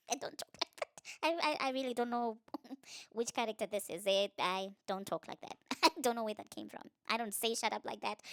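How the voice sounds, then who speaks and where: A woman's voice: a bit bright, no echo, clean studio sound. A woman giving sarcastic, ranting commentary on celebrity gossip in a reaction vlog. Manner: sarcastic, ranting, mimics others in high mocking voices.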